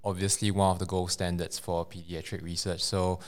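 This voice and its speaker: A man, a clinician, offering a measured comment in a group discussion, heard from a distant mic. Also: low-pitched, flat delivery.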